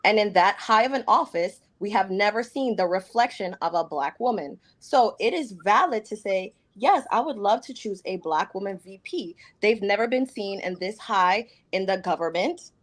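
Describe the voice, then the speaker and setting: A woman's voice: medium pitch, animated, normal speed, few pauses. A woman co-hosting a podcast in casual chat, questioning others and arguing her view firmly. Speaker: podcast co-host.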